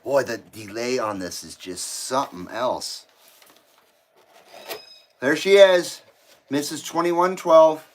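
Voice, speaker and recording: A man's voice: mid-range voice, slow, pauses often, slight background noise. Chatty man hosting a live stream. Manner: chatty, talks while eating. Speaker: live stream host reading chat. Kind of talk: casual live-stream chat. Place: home, indoors.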